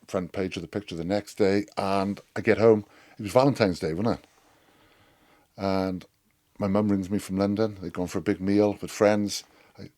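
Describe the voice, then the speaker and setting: A middle-aged man telling a rowdy, sweary anecdote as a podcast guest. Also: sits low. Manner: animated, sweary storyteller. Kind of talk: storytelling anecdote.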